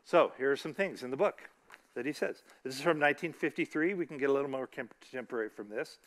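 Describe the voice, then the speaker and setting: A man's voice: medium pitch, fast talker. A middle-aged man giving a casual sermon, chatty, asking the audience questions and reciting scripture. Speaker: church speaker.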